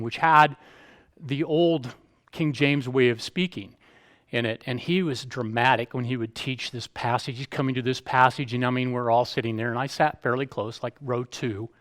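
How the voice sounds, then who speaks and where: Male pastor, mid-pitched voice, chatty emphatic sermon delivery with playful asides. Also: a bit bright. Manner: conversational storytelling preacher, emphatic and playful.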